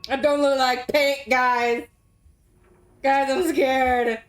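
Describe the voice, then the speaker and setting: Excitable woman streamer, higher voice. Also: slow pace. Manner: excitable, gasping exclamations, swings between loud outbursts and mutters. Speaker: game streamer. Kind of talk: casual let's-play commentary.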